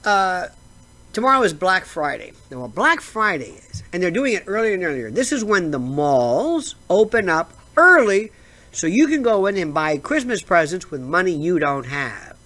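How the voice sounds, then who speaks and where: An American woman hosting a show, ranting in a sarcastic, rambling way that keeps drifting into side remarks. Her pitch moves around a lot, which keeps the delivery animated. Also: moderate pace. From United States. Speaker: show host. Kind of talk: comedic rant.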